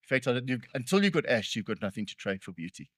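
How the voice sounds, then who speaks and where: A man's voice: mid-range voice, very animated, quick pace, fairly bright tone, no room sound. Dry, close-sounding male preacher. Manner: conversational, with joking self-deprecating asides. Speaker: pastor. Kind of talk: sermon.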